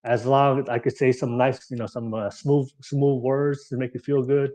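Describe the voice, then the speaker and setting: A man hosting a casual podcast conversation, telling a story in an animated way, with frequent restarts and fillers. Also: mid-range voice, moderate pace. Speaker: podcast host.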